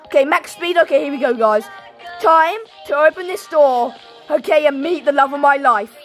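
A woman giving goofy, excitable gameplay commentary, shouting now and then, with a sore throat. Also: sits high, normal speed, soft background music. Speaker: gaming video creator.

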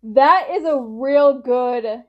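A woman hosting a reaction video, talking casually with excited gushing outbursts and rambling, apologetic asides. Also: high-pitched, extremely slow, highs cut off.

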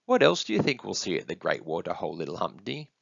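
A man voicing a gentle, patient mother camel in a storybook, speaking softly. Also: sits low, huge pitch swings, quick pace, gravelly, no echo, full character voice. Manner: soft, warm, hushed. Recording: dull, dry close recording.

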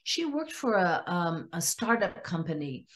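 A woman psychologist, a podcast guest, telling client stories and acting out their words in lively quoted voices. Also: lowish voice, unhurried. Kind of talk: storytelling in a podcast interview.

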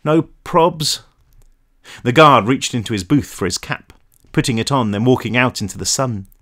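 A man, the author, narrating his own novel aloud in an expressive storytelling manner. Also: medium pitch, brisk. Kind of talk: audiobook narration.

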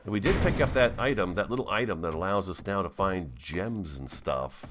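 A man's voice: deep voice, expressive, normal speed, very noisy. A man hosting a gaming video, chatting to his viewers as he plays. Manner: chatty, talks to viewers while playing. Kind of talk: let's play commentary.

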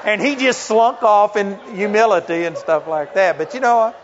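A man's voice: high voice, normal speed, some chatter behind, a little hiss or hum. A male pastor preaching to a congregation in a conversational sermon style, full of rhetorical questions and personal stories. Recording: dull lo-fi sound.

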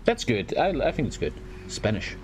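A man hosting a reaction video, blunt, profane and excitable in casual commentary. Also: fairly low pitch, normal speed, noisy background.

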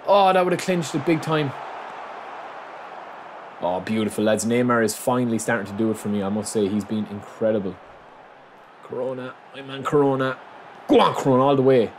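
A man commentating on his own football video game match, excitable, calling his viewers lads and bursting into shouts at big moments. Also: mid-range voice, fairly quick, long pauses, noisy background. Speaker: gaming YouTuber.

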